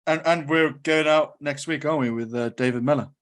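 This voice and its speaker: Higher-voiced man, matey. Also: fairly quick, a bit bright. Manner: laughing, matey. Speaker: podcast co-host. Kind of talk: casual chat.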